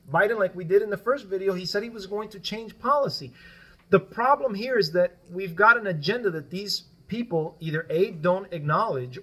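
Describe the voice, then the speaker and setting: A man's voice: high-pitched, pushed and bright, slightly rough. A man whose first language is Spanish, a guest on a casual political podcast. He explains his points at length and keeps checking in with "right?".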